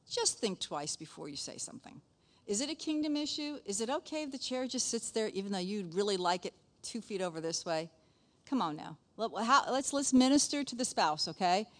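Middle-aged woman preaching, chatty and lively, keeps asking "okay?", mid-pitched voice. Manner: chatty, animated, frequent "okay?" asides. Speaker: pastor's wife, speaker. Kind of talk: casual sermon talk.

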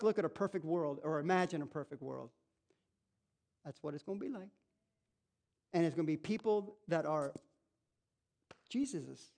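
High-voiced, emphatic male preacher. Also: moderate pace, vocal fry, long pauses. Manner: animated, repetitive, emphatic preaching with rhetorical questions. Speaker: pastor. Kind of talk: sermon.

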